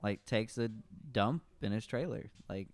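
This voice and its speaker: A man's voice: lowish voice, lively intonation, unhurried, dry recording. A man co-hosting a podcast, chatting casually and sarcastically about a movie, swearing and laughing often. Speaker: podcast co-host. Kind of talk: casual movie review chat.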